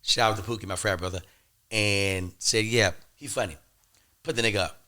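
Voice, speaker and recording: A young adult man hosting a podcast, telling a lively story and acting out both sides of phone calls. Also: lowish voice, moderate pace. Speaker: podcast host. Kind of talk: animated storytelling.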